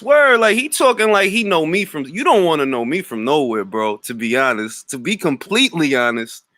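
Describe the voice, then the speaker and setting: A man's voice: a little high, sing-song, normal speed, few pauses, bright, forceful tone, no echo, clean studio sound. Brash New York man taunting on a livestream. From Harlem, New York. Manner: brash, mocking trash talk with street slang. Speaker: livestream host.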